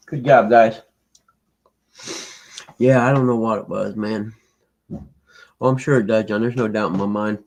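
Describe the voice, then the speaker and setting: A man's voice: on the low side, steady tone, slow pace, creaky, long pauses, poor audio. A man hosting a live stream, rambling in a laid-back way and chatting to viewers by name. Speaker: livestream host reading chat. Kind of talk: casual live-stream chat.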